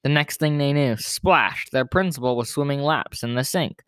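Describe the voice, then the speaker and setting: A man reading a children's picture book aloud in plain, steady narration. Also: mid-range voice, normal speed, clean tone, dry recording, studio quality. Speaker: storyteller.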